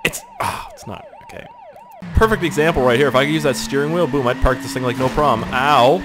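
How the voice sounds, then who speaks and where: A young man hosting a gaming channel, giving excitable let's play commentary with lots of swearing and sudden high-pitched yelps. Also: fast, noisy background.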